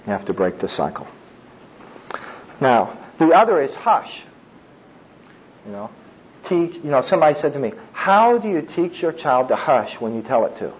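A middle-aged preacher gives a conversational sermon on child discipline, breaking off for frequent asides and chuckles. His voice is on the high side, sing-song and slightly rough, at normal speed, and the recording's highs are cut off.

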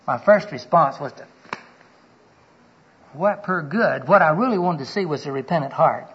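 An older man preaching a sermon, telling personal stories and acting out the dialogue in them, earnestly, often dropping to a hushed voice for the personal moments. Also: on the high side, lively intonation, normal speed, breathy edge. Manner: storytelling, acts out quoted dialogue with his voice. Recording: dull lo-fi recording.

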